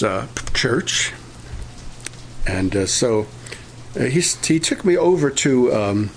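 An older man preaching a sermon, pausing often and restarting his sentences. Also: medium pitch, a little hiss or hum. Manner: halting, many filler pauses and restarts.

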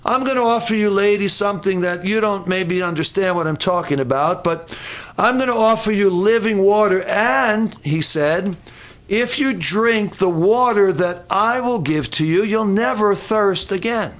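A man's voice: high voice, normal speed, fairly bright tone. A man preaching a sermon, telling a Bible story with repeated words and quotes.

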